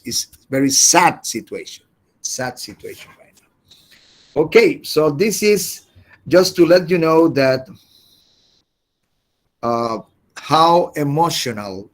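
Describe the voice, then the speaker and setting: Guy teaching an english class on a video call, slow and halting, keeps repeating himself. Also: fairly high pitch. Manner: halting, repeats words and restarts often. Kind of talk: online class lecture.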